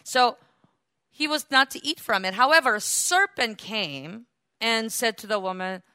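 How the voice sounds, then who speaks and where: A woman teaching a Bible lesson in an animated preaching style, asking her listeners questions as she goes. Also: fairly high pitch, a little slow, smooth, dry recording, clean studio sound.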